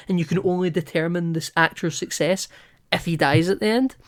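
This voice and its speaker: A man co-hosting a podcast, talking casually and with opinions about a film, retelling scenes in an animated way and swearing now and then. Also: high voice, a little fast. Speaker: podcast co-host.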